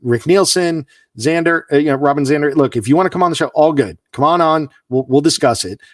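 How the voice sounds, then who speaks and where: A man's voice: fairly high pitch, fast, dry recording, studio quality, recorded from a distance. A man co-hosting a music podcast, arguing his point in a mock-exasperated rant during a casual debate. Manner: mock-exasperated, argumentative ranting. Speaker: podcast co-host.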